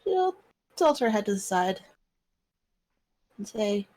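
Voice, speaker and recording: A woman's voice: medium pitch, sing-song, slow pace, pauses often, a little mellow. A woman playing a tabletop game, easygoing as she describes what her character does. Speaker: player. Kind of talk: casual tabletop play.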